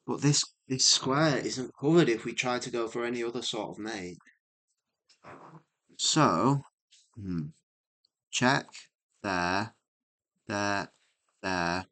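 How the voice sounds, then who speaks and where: A man thinking aloud as he works through chess puzzles, musing and muttering with frequent hums and pauses, mildly exasperated at himself. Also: mid-range voice, sharp tone. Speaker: chess streamer.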